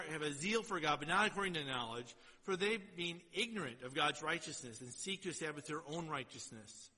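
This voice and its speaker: In a church with long, hall-like reverb, a man preaches and reads scripture aloud. He swings between loud exhortation and quiet, low asides.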